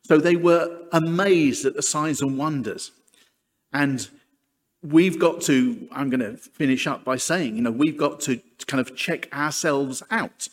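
A man's voice: fairly high pitch, a little slow. A man preaching a sermon, chatty and self-deprecating with humorous asides. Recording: long hall reverb.

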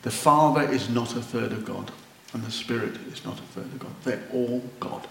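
A man preaching a sermon, slow and earnest, rising to wondering exclamations. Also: mid-range voice, creaky, a little hiss or hum. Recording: roomy echo.

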